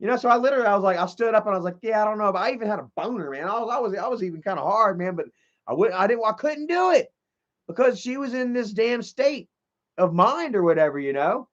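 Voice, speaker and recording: In dull lo-fi stream audio, a man with a high, expressive, a bit bright voice talks at a quick pace. He's streaming live, telling a long, rambling, profane personal story and reading chat messages aloud.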